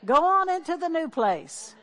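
A woman's voice: very high voice, big pitch swings, normal speed, a bit bright. A middle-aged woman pastor preaching, exhorting the congregation with call-and-response and repeated declarations. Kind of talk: sermon.

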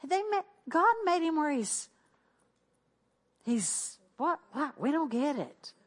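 A woman's voice: high voice, lively intonation, takes it slowly. A middle-aged woman pastor preaching, exhorting the congregation with call-and-response and repeated declarations. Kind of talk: sermon.

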